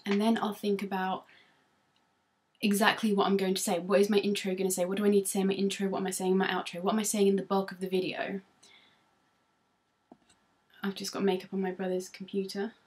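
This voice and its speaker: A young woman from Norfolk, England, speaking with a Norfolk English accent, chats casually to the camera at home as a beauty vlogger. She rambles self-consciously with lots of ums, talking fast in a mid-range, monotone, slightly mellow voice and pausing often.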